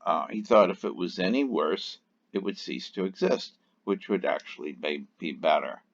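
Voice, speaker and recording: A man's voice: deep voice, moderate pace, gravelly, muffled recording. A man teaching a logic course in a recorded online lecture, explaining off the cuff with fillers, restarts and dry, wry asides.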